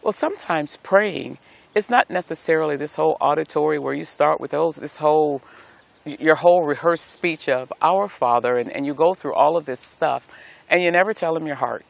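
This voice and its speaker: Gravelly-voiced preacher with a rhythmic cadence. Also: male voice, fairly high pitch, normal speed. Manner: warm preacherly cadence with repeated phrases. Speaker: pastor. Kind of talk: devotional talk. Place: outdoors in nature.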